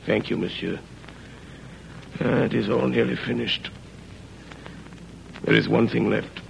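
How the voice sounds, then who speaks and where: An actor playing a remorseful ex-convict, speaking in a grave, halting, low voice in an old radio drama. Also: male voice, fairly even intonation, slight background noise, poor audio. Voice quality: deep, gravelly. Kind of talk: 1930s radio drama acting.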